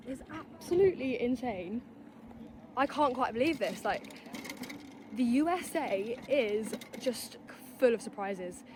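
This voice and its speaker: A young woman talks slowly and gushingly into her phone as she rides through a desert canyon park. Her voice sits a little high and sounds emotional. Loud outdoor noise runs behind her. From United Kingdom. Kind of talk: travel vlog. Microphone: phone held while riding an e-bike.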